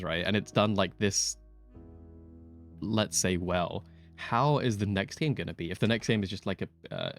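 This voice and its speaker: A man giving chatty, excitable gameplay commentary as a streamer, full of quick asides. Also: on the low side. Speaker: gaming streamer.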